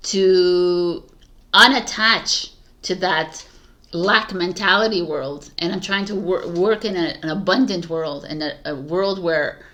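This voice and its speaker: A woman with a fairly low voice talks loosely and at length as a tarot reader. She rambles in a casual spiritual monologue, full of fillers and quick laughs. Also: a bit bright.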